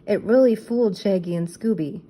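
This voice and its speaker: A woman's voice: medium pitch, fairly quick, warm tone, natural voice. Storybook young woman, cheerful and eager, read by a woman.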